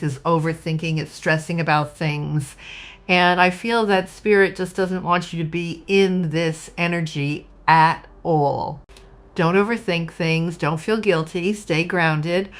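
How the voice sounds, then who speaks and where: A woman giving a casual spoken tarot reading, animated and acting out quoted voices. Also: slow. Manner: animated, acts out quoted voices with sudden pitch jumps. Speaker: tarot reader.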